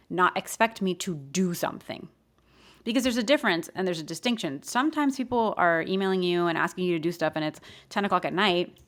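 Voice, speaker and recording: A woman hosting a podcast, giving casual advice in an emphatic, animated way and laughing often. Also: mid-range voice. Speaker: podcast host.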